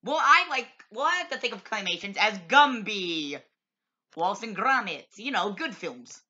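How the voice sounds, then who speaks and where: Mock-grumpy woman reviewer-host, bright and lively, lo-fi home recording. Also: mid-range voice, normal speed. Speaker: film reviewer, show host. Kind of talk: home-made comedy review.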